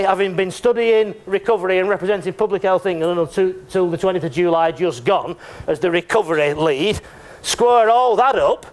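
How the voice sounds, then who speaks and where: A man giving a conference talk in a chatty, joking way, often checking in with the audience. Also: sits high. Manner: chatty and joking, with frequent tag questions. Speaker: conference speaker. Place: lecture room.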